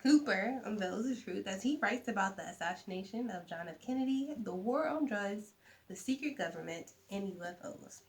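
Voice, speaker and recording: A young woman chatting casually to camera about books, animated, with soft asides. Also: mid-range voice, moderate pace. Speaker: vlogger. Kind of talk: casual book chat to camera.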